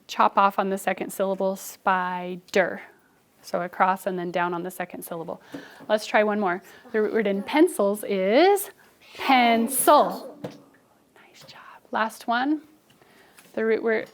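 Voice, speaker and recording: A young adult woman teacher leading a phonics lesson with children, coaching them and adding asides to other teachers. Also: medium pitch. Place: classroom. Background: children in class.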